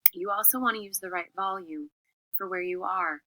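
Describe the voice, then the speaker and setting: Bright, crisp teacher woman. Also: fairly low pitch, normal speed, a little hiss or hum, poor audio. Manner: clear, expressive, emphatic delivery. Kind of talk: classroom lesson on public speaking.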